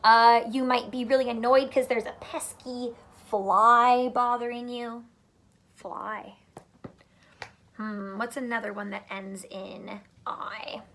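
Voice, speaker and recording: A woman teacher giving a phonics lesson to young children, speaking slowly and clearly in a sing-song, playful way. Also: fairly high pitch, fairly even intonation, a bit bright.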